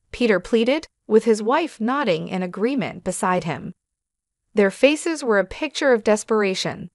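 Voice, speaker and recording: A woman's voice: medium pitch, dry recording. Woman reading a story, dry close sound. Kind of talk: scripted first-person story narration.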